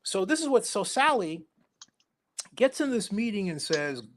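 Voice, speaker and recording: A middle-aged man telling stories as an interview guest, animated and acting out the voices of people he quotes. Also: sits high, a little slow, slight background noise. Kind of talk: storytelling interview.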